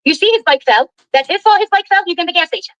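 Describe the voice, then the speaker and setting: A woman's voice: extremely high pitch, lively intonation, fast, fairly bright tone, no room sound, muffled recording. A woman ranting indignantly and with heavy profanity on a livestream while driving her car.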